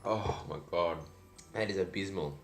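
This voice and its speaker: A man with a very low voice reviews snacks on camera in a casual, rambling way. He is dry and self-deprecating, with plenty of ums and likes. Faint music plays underneath. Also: unhurried. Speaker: food vlogger. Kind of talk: casual food review vlog.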